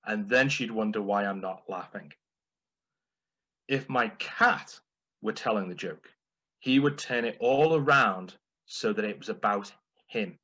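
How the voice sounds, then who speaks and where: A man's voice: lowish voice, bright, forceful tone, low-quality recording. A man delivering a playful, humorous prepared speech at a speaking club. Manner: playful, deliberate.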